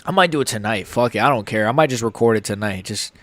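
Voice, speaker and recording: A man's voice: fairly low pitch, quick pace, a bit bright, no echo. A young man hosting a live fight reaction, ranting heatedly and swearing. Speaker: MMA channel host.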